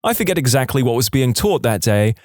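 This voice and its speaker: A man reading online stories aloud as scripted narration, expressive, with dry asides. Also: mid-range voice, brisk, no echo.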